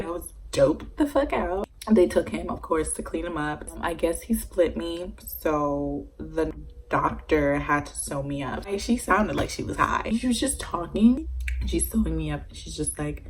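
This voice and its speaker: A young woman telling a story-time vlog in a casual, animated way, swearing freely as she goes. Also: lowish voice, a little slow, slight background noise, rough recording. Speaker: vlogger.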